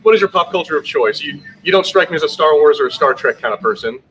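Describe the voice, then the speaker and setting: Male podcast host, teasing banter, bright forceful tone, light music bed. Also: fairly high pitch, expressive, quick pace, rough recording. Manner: joking, teasing, swears casually. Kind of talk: casual podcast chat.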